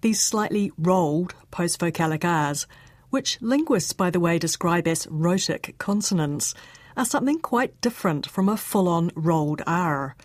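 A woman with a New Zealand accent hosts a radio segment, moving between scripted narration and interview questions. Her voice sits a little low, and she speaks in a clear, measured way. The sound is dry and close. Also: expressive, no room sound. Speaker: radio host.

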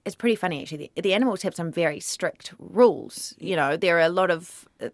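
Kiwi actress guest, young, animated storyteller, lowish voice, dry close mic. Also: female voice, fast talker, no echo. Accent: New Zealand. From New Zealand. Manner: animated storyteller who acts out quoted exchanges. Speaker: actor guest. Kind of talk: casual interview chat.

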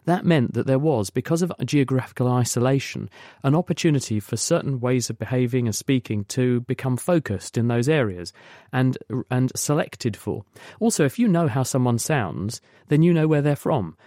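A science expert appearing as a guest on a radio call-in show explains things patiently and at length, in long spoken sentences with restarts. His mid-range voice is mellow and animated, at a moderate pace, recorded dry with studio quality.

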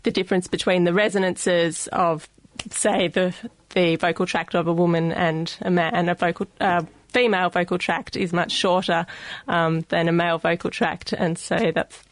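A woman with an Australian accent talks through her explanation in a lowish voice, pausing often to gather her words. The studio sound is close and dry, with no room around her. She comes across as a guest expert on a radio science show. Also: little pitch movement, no room sound. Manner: measured, with frequent filler pauses.

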